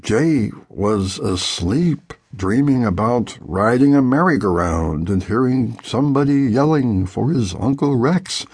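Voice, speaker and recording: A man narrating a children's adventure audiobook in a vivid, expressive storytelling manner. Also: medium pitch, slightly rough, no echo, studio quality.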